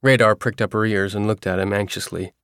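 A man reading a novel aloud as a first-person narrator, in a steady storytelling manner. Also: lowish voice, fairly quick, clear, resonant tone, no room sound, clean studio sound. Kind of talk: audiobook narration.

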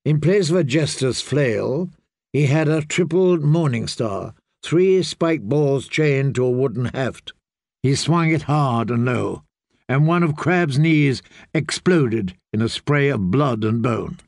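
Brief: male audiobook narrator, measured and dramatic, dry close sound. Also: medium pitch, lively intonation, darkish tone, no room sound. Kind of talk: scripted narration.

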